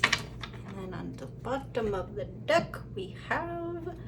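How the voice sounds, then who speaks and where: A woman's voice: on the high side, sing-song, slow, very noisy. A woman giving a casual pick-a-card tarot reading, chatty and giggly, talking to the viewers as she pulls cards. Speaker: tarot reader.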